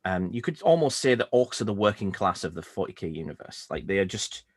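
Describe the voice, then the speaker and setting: A man's voice: sits low, sing-song, fairly quick, no room sound, clean studio sound. A man with a Northern English accent, co-hosting a podcast in casual, rambling, jokey chat. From Northern England. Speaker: podcast co-host.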